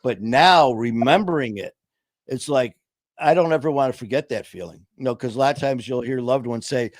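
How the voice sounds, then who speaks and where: Man, middle-aged, podcast co-host, candid and self-mocking, mid-pitched, dry close recording. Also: lively intonation, a little fast, no room sound. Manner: earnest, self-mocking, acts out his past self in quotes. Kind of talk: candid recovery talk.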